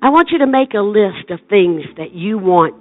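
A woman's voice: medium pitch, lively intonation, moderate pace, narrow, tinny audio, faint music behind. An older woman evangelist preaching a sermon with passion, building into rhythmic repeated calls. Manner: impassioned preaching, rising into rhythmic shouted repetition.

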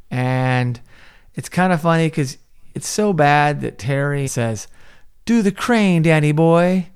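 A man's voice: medium pitch, vocal fry, clear, resonant tone. A man co-hosting a podcast, casually breaking down a movie scene by scene and acting out the characters' lines. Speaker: podcast co-host.

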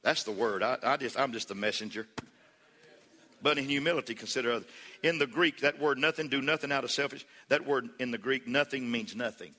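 A man's voice: medium pitch, a little fast, pushed and bright. A man preaching a sermon as pastor, building to fervent peaks, calling on the congregation to answer back, and telling folksy jokes and stories. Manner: preaching with rising fervor, calls for congregation responses; folksy humor and storytelling. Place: church hall. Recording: echoey hall reverb.

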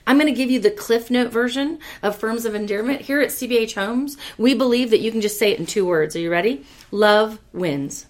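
A woman hosting a motivational business talk, energetic and emphatic, repeating phrases for emphasis, casual with mild swearing. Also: on the high side, a little fast. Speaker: podcast host and business leader.

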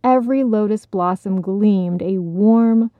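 Slow, calm woman reading a storybook. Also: medium pitch, no room sound, narrow, tinny audio. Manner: calm, measured. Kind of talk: storybook narration.

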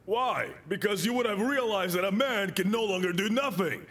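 A bishop preaching a sermon in an animated style, telling stories and swelling to shouts. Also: male voice, high-pitched, normal speed. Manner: storytelling with acted quotes.

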